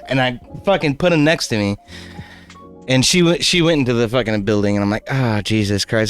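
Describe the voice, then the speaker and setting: A man's voice: a little high, smooth. A man streaming live, casually telling a story, swearing a lot and laughing often. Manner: profane, laughing, animated.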